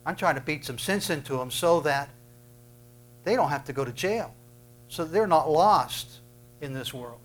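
A man's voice: fairly high pitch, expressive, measured pace, long pauses, rough recording. A man preaching a sermon, emphatic, punching out commands and often repeating words as he starts a thought. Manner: emphatic, bursts loud on commands.

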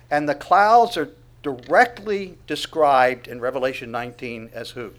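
Pastor guy preaching, kinda higher voice, goes quiet then loud, keeps asking the crowd stuff. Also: lively intonation, normal speed, hardly any pauses. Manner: dynamic, swings from soft asides to loud proclaiming; asks the congregation questions. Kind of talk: sermon.

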